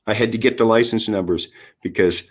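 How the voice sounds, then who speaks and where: A middle-aged male vlogger rants angrily to camera, rambling and hurling insults with heavy profanity. His voice is lowish and steady in tone, and he talks fairly quickly.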